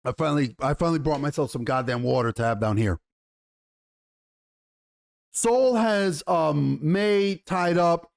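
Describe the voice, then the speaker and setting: Exasperated male reviewer with a high voice, foul-mouthed, tripping over his words. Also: measured pace, gravelly, pauses often. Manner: exasperated, swears a lot, stumbles and restarts. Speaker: YouTube TV show reviewer. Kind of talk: profane ranting review.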